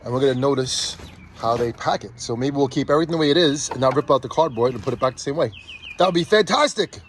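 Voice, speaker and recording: A man vlogging as a father while unboxing a prop with his kids, chatty and teasing, easily excited. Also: mid-range voice, fast, a little hiss or hum. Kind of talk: casual chat.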